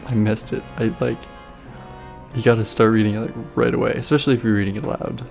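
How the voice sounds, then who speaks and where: A woman's voice: extremely low pitch, fairly even intonation, fast, creaky, darkish tone, soft background music. A woman streaming a video game, chatting casually with sarcastic asides. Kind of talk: casual gameplay commentary.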